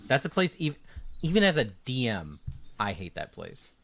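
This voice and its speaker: A man narrating a tabletop game as game master, relaxed and joking. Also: mid-range voice, normal speed, gravelly, slight background noise.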